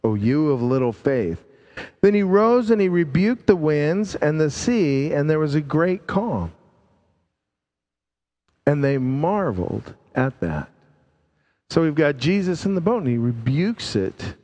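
A man preaching a sermon, slow and emphatic, drawing out key words and dropping his voice low to stress them. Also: sing-song, darkish tone, long reverb tail, highs cut off.

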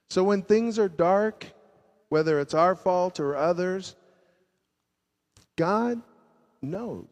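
A man preaching a sermon as pastor, swinging from loud emphasis to hushed, low endings. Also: slow, long pauses. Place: church sanctuary. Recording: long reverb of a large church.

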